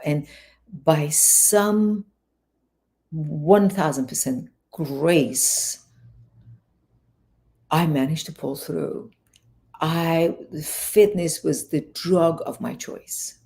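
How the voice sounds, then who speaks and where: A woman's voice: deep voice, extremely slow, vocal fry, long pauses. A woman in her fifties from Iran, a fitness coach who tells her life story as an interview guest, rambling and restarting as she goes. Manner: rambling, animated retelling with many restarts.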